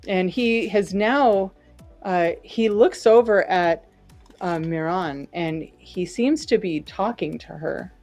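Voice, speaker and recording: A woman's voice: lowish voice, takes it slowly, a little mellow, faint music behind. A woman narrating a tabletop game as game master, loose and filler-heavy.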